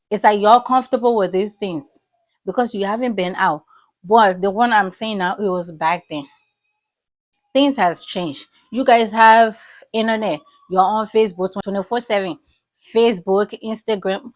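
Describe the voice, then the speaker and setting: A woman's voice: mid-range voice, moderate pace. A woman with a Liberian accent vlogging casual commentary, scolding and exasperated as she tells stories. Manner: exasperated, scolding, animated storytelling.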